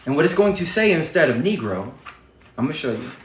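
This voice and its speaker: Brief: man with a high, fiery voice, preachy livestream monologue, heavy swearing, echoey room. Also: very animated, quick pace. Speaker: livestream host.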